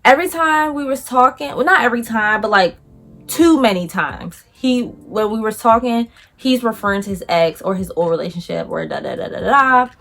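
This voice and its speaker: A woman vlogger telling a casual story in a lively way, acting out what other people said and using a lot of slang. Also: on the high side, normal speed, vocal fry.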